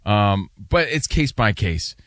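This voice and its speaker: A man's voice: lowish voice, very animated, takes it slowly, fairly bright tone, no echo, studio quality. A man co-hosting a sports talk show, arguing his opinions with emphatic repetition. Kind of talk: casual sports debate.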